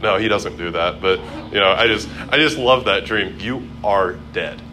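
A man's voice: lowish voice, normal speed, sharp tone. Chatty, amused male Bible study teacher. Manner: chatty, amused, many fillers.

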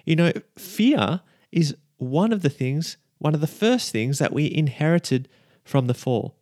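A man's voice: fairly high pitch, lively intonation, a little slow, darkish tone, no echo, clean studio sound. A man hosting a casual devotional podcast, chatty and repeating his key lines as he checks in with listeners. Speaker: podcast host.

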